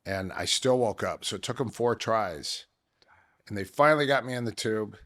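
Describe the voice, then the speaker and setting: A middle-aged man, a former fighter and coach, telling a story casually and acting out the voices of others, dropping quieter on grim parts. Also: on the low side, moderate pace. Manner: animated retelling that acts out quoted voices.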